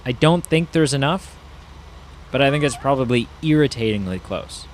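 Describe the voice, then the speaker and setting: Speaking at normal speed with lively intonation, a gaming YouTuber with a mid-range voice muses aloud while playing a farming game. His commentary is casual and rambling, full of fillers, with slight background noise.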